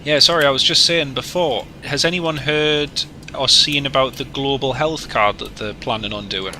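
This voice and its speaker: A man's voice: mid-range voice, moderate pace, sharp tone, slight background noise, low-quality recording. A man casually chatting while streaming a flight simulator, joking and greeting viewers by name. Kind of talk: casual livestream commentary.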